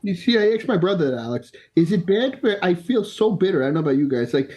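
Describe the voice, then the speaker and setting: High, lively joking man. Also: fast talker. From New York. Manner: joking, laughs a lot. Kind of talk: casual panel chat.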